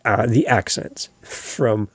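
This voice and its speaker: A man's voice: mid-range voice, sing-song, slow pace, husky, no room sound. A Canadian man hosting a podcast, speaking in a conversational, opinionated way. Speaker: podcast host. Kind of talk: casual podcast talk.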